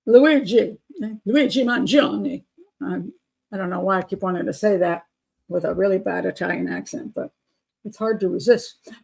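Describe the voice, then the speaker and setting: A woman's voice: on the low side, level tone, fairly quick, vocal fry, darkish tone, breathy edge. An older woman hosting a live chat show, blunt and opinionated, laughing often as she reads out viewer comments.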